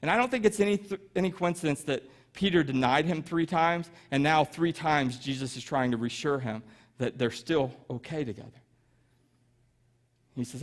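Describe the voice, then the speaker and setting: High-voiced pastor telling a Bible story. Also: male voice, normal speed. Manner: conversational storytelling, self-deprecating asides. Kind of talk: sermon.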